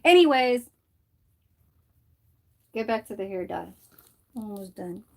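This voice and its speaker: Woman streamer, casual, profane, rambling, unhurried delivery; fits a relaxed hair-dye vlog. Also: mid-range voice. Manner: loose, profane and rambling, with frequent laughter. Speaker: livestreamer. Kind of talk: casual chat while dyeing her hair.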